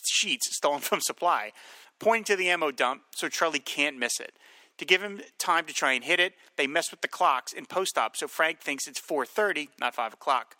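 A man co-hosting a podcast who recaps a TV episode and chats about it in a lively way, now and then mimicking lines from the show. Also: a little high, no echo. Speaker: podcast co-host. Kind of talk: episode recap and casual chat.

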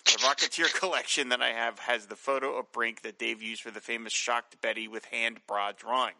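A man's voice: mid-range voice, steady tone, a little fast, vocal fry, bright, forceful tone, dry recording, rough recording. A man co-hosting a podcast, reading listener comments and chuckling enthusiastically between them. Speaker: podcast co-host. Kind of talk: casual podcast chat reading listener mail.

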